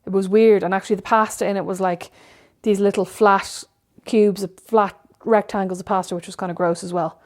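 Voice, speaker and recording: A woman's voice: medium pitch, steady tone, fairly quick, few pauses, darkish tone. A woman in her thirties with an Irish accent, co-hosting a casual podcast chat and telling stories with plenty of fillers. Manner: rambling, storytelling, lots of fillers. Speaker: podcast co-host.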